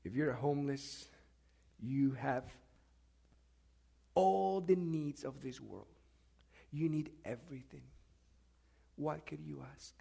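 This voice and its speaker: A man preaching a sermon, moving from quiet reflection to loud, emphatic questions put to his congregation. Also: on the high side, takes it slowly, gravelly, pauses often, slightly rough.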